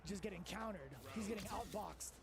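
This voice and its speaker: A man doing excited play-by-play commentary on a tournament, calling the action in rapid bursts. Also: high-pitched, gravelly, music in the background. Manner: excited, rapid-fire calls.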